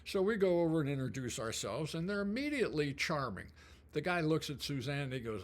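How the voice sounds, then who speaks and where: An older man telling a personal memory in a casual, rambling way, full of fillers and throat clearing. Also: mid-range voice, very animated, a little fast. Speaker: storyteller. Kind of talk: casual storytelling.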